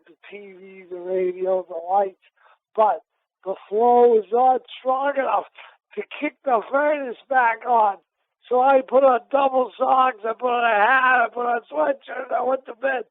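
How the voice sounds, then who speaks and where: A middle-aged man from Massachusetts, a retired boxer, telling rambling stories with many restarts and repeats in a casual interview. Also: very high voice. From Massachusetts, USA. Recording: tinny phone line on a radio show.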